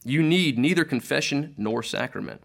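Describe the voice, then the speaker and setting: A man's voice: mid-range voice, expressive, moderate pace, creaky, fairly bright tone. A man reading the questions of a stern male interrogator in a heresy court, formal and probing. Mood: interrogating.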